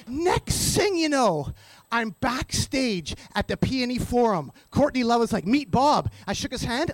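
A man hosting a radio show, telling an anecdote in an excited, stammering way and acting out the voices of the people in it. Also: normal speed, dry recording. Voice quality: high, lively, animated voice that jumps in pitch. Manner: stammering, breathless, acts out voices in the story. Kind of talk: excited spoken storytelling. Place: radio studio.

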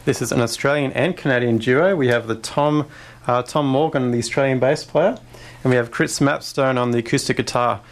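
A male interview host with a mid-range voice, quick to react with enthusiasm. He keeps his questions short and informal. His tone stays friendly and curious. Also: mid-range voice. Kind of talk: casual interview hosting.

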